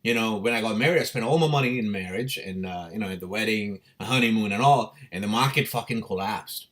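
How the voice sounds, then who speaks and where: A man hosting his own stream, telling his life story in a casual, animated way, swearing and laughing often. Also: lowish voice, fast talker. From India. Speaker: crypto livestream host.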